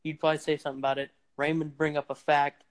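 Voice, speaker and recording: A man's voice: on the high side, flat delivery, rapid-fire. A young man hosting a casual podcast, rambling and playful with lots of fillers, recorded on a phone microphone. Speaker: podcast host. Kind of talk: casual chat.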